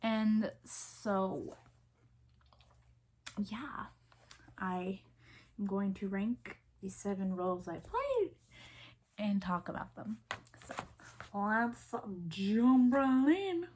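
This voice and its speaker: A Southern American vlogger in her 20s chats casually with viewers, rambling along with ums and likes and restarting sentences as thoughts strike her. Her mid-range, darkish voice moves very slowly with frequent pauses and lively intonation, over a faint hiss or hum.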